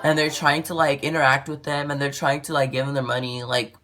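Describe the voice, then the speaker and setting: A woman with a low voice rants casually to camera, rambling and exasperated. She fills her talk with "like" and swings from loud outbursts to muttering. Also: level tone, a little fast, soft background music. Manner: exasperated, rambling, says "like" a lot. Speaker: vlogger.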